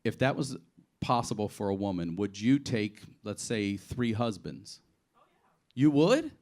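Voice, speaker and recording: A man from Baltimore doing improvised stand-up on a comedy club stage, telling profane, animated stories and acting out the quotes. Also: fairly low pitch, moderate pace. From Baltimore, USA. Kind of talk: improvised stand-up on audience requests.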